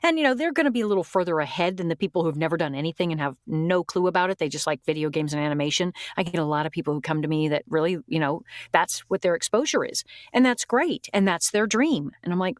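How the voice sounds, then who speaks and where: A woman's voice: fairly low pitch, animated, quick pace, few pauses, no room sound, studio quality. A woman who coaches voice actors, talking candidly and plainly in a casual podcast interview. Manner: candid, straightforward, chatty.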